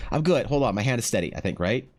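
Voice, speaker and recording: A man's voice: medium pitch, lively intonation, moderate pace. A man streaming live while he draws, talking to his chat in a stammering, emotional way, restarting his words and swearing often.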